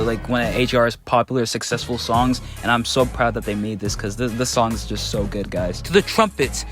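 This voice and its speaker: A man's voice: medium pitch, a bit bright. A man giving casual reaction commentary on songs, earnest and gushing, talking straight to his viewers. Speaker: music reaction vlogger.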